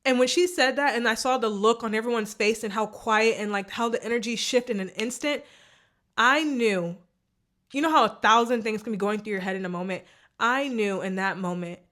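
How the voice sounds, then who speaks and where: A woman's voice: a little high, fairly bright tone. A woman vlogger telling a personal story in a candid, emotional way, often repeating herself.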